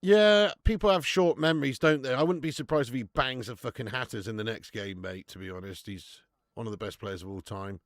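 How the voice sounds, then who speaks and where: A young man hosting a live football watch-along, chatting casually, swearing freely and answering viewers' comments out loud. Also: mid-range voice, brisk, hardly any pauses, dry recording, studio quality. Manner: excitable, swears, reads chat comments aloud. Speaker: live-stream host.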